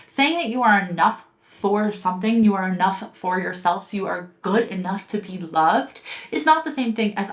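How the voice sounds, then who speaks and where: A woman's voice: medium pitch, animated, fairly quick. A young woman reviewing a book in casual commentary, heated and sarcastic, swearing often. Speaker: book reviewer and podcast host.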